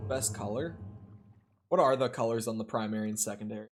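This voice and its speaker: A man's voice: on the low side, fairly quick. A man streaming a game, chatting casually with viewers, rambling and joking with frequent laughs. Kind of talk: casual chat with viewers while gaming. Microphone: headset or desk mic, wears headphones.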